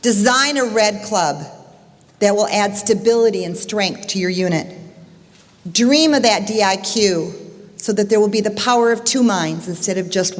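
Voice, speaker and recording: Emphatic woman speaking in an echoing hall. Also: medium pitch. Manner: emphatic, addresses the audience as "gang". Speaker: motivational conference speaker. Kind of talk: motivational speech. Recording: echoey hall.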